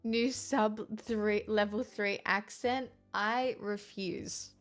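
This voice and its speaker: A woman's voice: medium pitch, steady tone, takes it slowly, faint music behind. A young woman hosting a livestream, chatting casually and playfully with viewers, laughing often and sounding very tired. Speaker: livestream host. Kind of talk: casual chat reading viewer messages.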